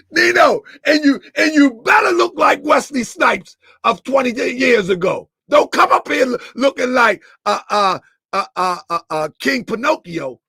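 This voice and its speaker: Loud high-pitched man teasing on stream. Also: animated, measured pace, vocal fry, breathy edge, no room sound, clean studio sound. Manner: loud, laughing, teasing, repeats himself. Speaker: livestream host. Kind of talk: live stream commentary.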